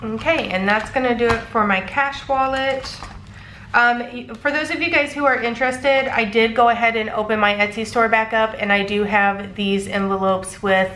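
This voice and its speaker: A woman's voice: on the high side, fairly even intonation, moderate pace, pushed and bright, roomy sound, slight background noise. A congested woman casually talking through her weekly cash budget, counting bills aloud with frequent ums. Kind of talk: casual chat.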